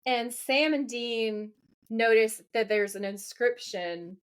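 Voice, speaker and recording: A woman's voice: on the high side, takes it slowly, smooth. A woman co-hosting a podcast, recapping a TV episode in casual chat and acting out the characters' lines as she goes. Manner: lively retelling, acts out the characters' lines. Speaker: podcast co-host.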